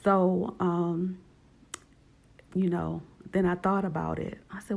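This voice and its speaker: Gravelly-voiced woman telling a story. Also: slow. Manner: animated, acts out quoted lines in a higher voice. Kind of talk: casual storytelling.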